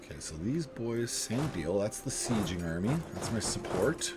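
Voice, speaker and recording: A man's voice: fairly low pitch, expressive, normal speed, heavy background noise. Man musing aloud over a strategy game. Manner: thinks aloud, chuckles, talks to himself. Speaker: gaming video host. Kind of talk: casual strategy game commentary.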